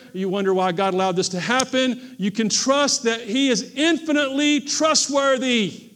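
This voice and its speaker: A man with a notably high-pitched voice preaches a sermon as pastor of a church. He drives his points home through emphatic repetition and calls on the congregation to answer him. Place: church service.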